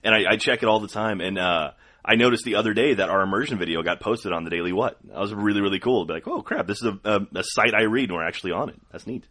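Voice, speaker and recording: A man with a very low voice chatting on a podcast. He speaks fast. He rambles and leans on filler words as he works through his thoughts. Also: sharp tone. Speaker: podcast co-host. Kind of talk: casual chat.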